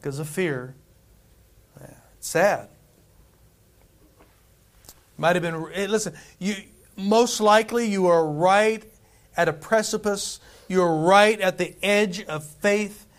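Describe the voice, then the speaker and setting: A man's voice: high voice, takes it slowly, long pauses. Man preaching in a loose, conversational way. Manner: conversational preaching, repeats phrases for emphasis. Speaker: pastor. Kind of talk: sermon.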